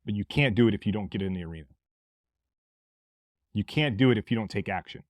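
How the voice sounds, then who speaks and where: A man from Mississippi with a Southern accent, hosting a podcast as a blunt, forceful motivational monologue with plenty of swearing. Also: fairly low pitch, quick pace, no echo. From Mississippi, USA. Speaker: podcast host.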